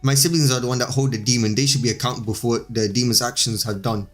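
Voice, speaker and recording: A man's voice: mid-range voice, steady tone, fast talker, faint music behind, natural voice. A man reading the lines of a bold, protective young boy hero, defiant and blunt.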